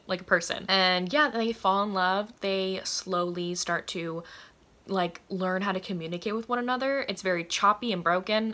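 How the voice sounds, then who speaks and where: A woman's voice: lowish voice, bright, forceful tone. A woman in a casual book vlog, chatty and enthusiastic, filling her talk with "like" and often laughing. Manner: chatty and enthusiastic, many "like" fillers, frequent laughter. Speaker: book reviewer.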